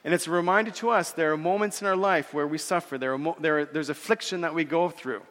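A man preaching earnestly, with a slightly high pitch, repeating words as he goes and slowing down for scripture quotes. His voice carries a long reverb, as from a church hall. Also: a bit bright. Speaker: pastor. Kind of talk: sermon.

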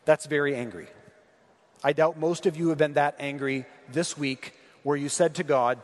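A man's voice: a little high, normal speed. Man preaching in a reverberant hall. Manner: conversational, asks the congregation questions. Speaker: pastor. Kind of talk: sermon.

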